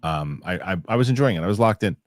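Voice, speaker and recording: Fast-talking male show host. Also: low-pitched, expressive, no echo, studio quality. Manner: rapid, reads out viewer names between topics. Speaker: show host reading viewer comments. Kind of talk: casual chat.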